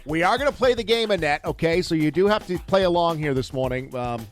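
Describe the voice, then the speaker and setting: A man's voice: fairly high pitch, lively intonation, a little fast, soft background music. A man hosting a morning radio show, playful and laughing as he runs a call-in game.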